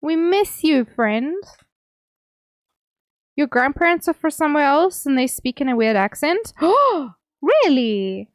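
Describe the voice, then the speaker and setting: High-voiced chatty woman streamer. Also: expressive, unhurried, long pauses, no echo, studio quality. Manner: chatty, reads chat messages aloud, laughs often. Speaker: livestreamer. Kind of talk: casual chat with stream viewers.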